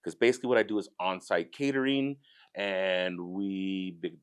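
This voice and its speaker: Deep-voiced so cal guy talking about his barbecue business, easygoing and chatty, acts out what other people said. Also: normal speed, clean tone. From Southern California. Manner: relaxed, rambling storyteller who acts out others' lines. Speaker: barbecue business owner, guest. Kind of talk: casual chat.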